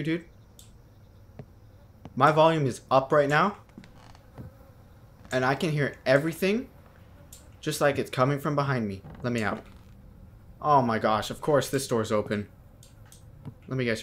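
Playing a horror game, a young man who hosts gaming videos yelps at scares, argues with the game and keeps throwing in dude and bro. He talks at a moderate pace with long pauses, in a mid-range voice that's fairly bright.

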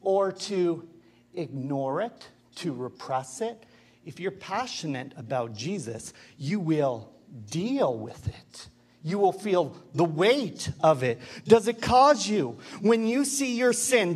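Guy pastor preaching, fairly high voice, slow and deliberate, lots of questions to the church. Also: very animated, breathy edge. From Canada. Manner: impassioned preaching with rhetorical questions. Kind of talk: sermon.

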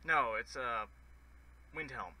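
A man's voice: mid-range voice, lively intonation, takes it slowly, bright, forceful tone, low-quality recording. A man giving casual, profane, rambling commentary while playing a video game. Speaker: let's play gamer.

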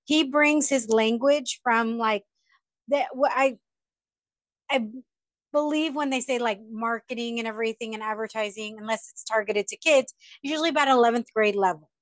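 Podcast host, woman, fairly high voice, rambly with restarts, dry close sound. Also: normal speed, no room sound. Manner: rambling, restarts and repeats words. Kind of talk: casual podcast chat.

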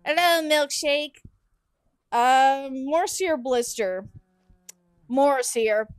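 Speaking extremely slowly in a high voice with no echo, a young game host chats with her livestream audience while she plays. She giggles often, stays talkative and lets yawns slip in between sentences.

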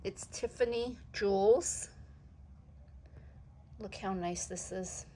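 A woman vlogger showing her collection of jewelry books in a casual show-and-tell, talking softly and admiringly and stumbling when she reads aloud. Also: mid-range voice, poor audio. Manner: slow, soft-spoken, admiring, stumbles when reading aloud.

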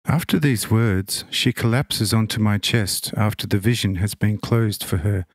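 A man reading a religious text as an audiobook narrator, solemn and measured. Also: lowish voice, no room sound.

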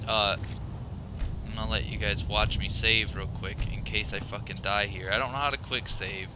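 A man giving live gameplay commentary, profane and excitable, thinking out loud and yelping at scares, with loud game sound under his voice. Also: fairly low pitch, normal speed, noisy background. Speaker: let's play gamer.

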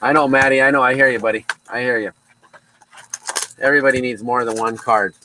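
A man's voice: medium pitch, fairly even intonation, a little fast, sharp tone, a little hiss or hum, rough recording. A man hosting a casual card break from a card shop, chatting with viewers by name as he calls out each card.

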